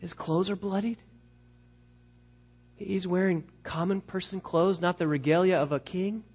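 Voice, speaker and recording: A man preaching a sermon, emphatic and direct with his listeners, swinging from loud declarations to hushed asides, on a dull lo-fi recording. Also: high voice, steady tone, measured pace, husky. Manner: addresses the congregation directly, urging them to stay with him. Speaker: pastor.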